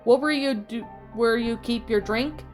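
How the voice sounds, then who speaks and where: A woman's voice: a little high, unhurried, faint music behind, natural voice. A woman voicing a frightened, curious young boy who cries out in alarm. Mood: startled.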